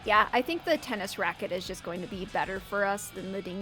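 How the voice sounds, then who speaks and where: A woman's voice: medium pitch, fairly quick, hardly any pauses, bright, forceful tone. A woman streaming a video game with chatty, giggly, self-mocking casual commentary. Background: faint background music.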